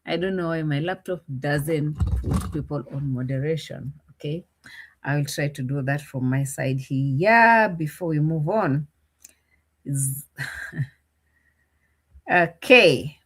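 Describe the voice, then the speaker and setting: Woman, live-stream host, casual chat, greets viewers, lowish voice. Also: slow, pauses often. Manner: chatty, laughing, greeting viewers by name. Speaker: reaction channel host.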